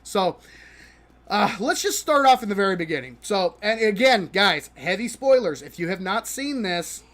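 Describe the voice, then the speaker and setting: Playing a game on a live stream, a man talks through a show he disliked, exasperated and mocking, laughing often. His high voice is very animated and slightly bright, and his delivery is halting, with frequent stumbles and restarts.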